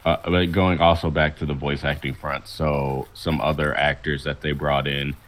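A man co-hosting a podcast in casual chat, relaxed and wrapping up the show. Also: very deep voice, normal speed, rough recording. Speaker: podcast co-host.

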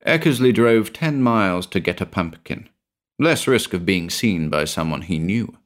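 A British man with a deep voice narrates a story. He is measured and expressive. His pitch moves widely. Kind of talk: scripted narration.

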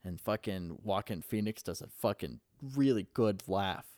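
A man's voice: fairly low pitch, moderate pace, a little mellow, dry recording, clean studio sound. A young man casually recapping a movie in a rambling, profane way, full of fillers.

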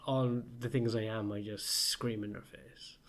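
A man in casual conversation, joking in a sarcastic, deadpan way. He co-hosts a podcast with a friend. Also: on the low side, a little slow. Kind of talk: casual chat.

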